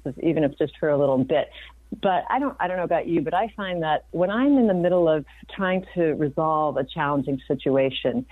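A woman in her fifties with a low, deep voice speaks earnestly and reflectively, often backing up to restart a thought. The sound is thin and phone-like, dry with no room around it. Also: no room sound. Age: 50s. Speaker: guest physician. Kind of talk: conversational interview. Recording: dry, phone-like remote audio.

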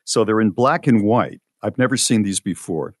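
A man's voice: fairly low pitch, moderate pace, no room sound, clean studio sound. A man hosting a casual talk show, incredulous and sardonic. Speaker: podcast host. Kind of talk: casual chat.

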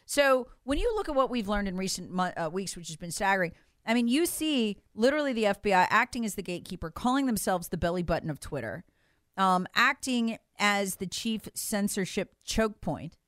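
A woman's voice: mid-range voice, expressive, a little fast, fairly bright tone, no room sound. Woman radio host, fiery and emphatic, dry close studio sound. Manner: impassioned, emphatic, mocking. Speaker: radio talk show host. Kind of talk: political talk radio commentary.

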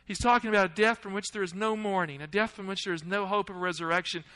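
A man preaching a sermon, asking the congregation questions and swinging between loud, urgent lines and hushed ones. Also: high voice, fast talker, smooth, rough recording. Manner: asks the audience questions.

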